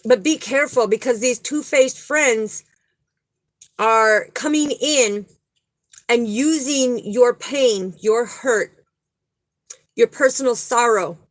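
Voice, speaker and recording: A woman's voice: fairly high pitch, takes it slowly, long pauses, dry recording, rough recording. A woman giving a spiritual reading straight to the viewer, earnest and soothing, repeating key words for emphasis. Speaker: spiritual card reader. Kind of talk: psychic reading, spoken to the viewer.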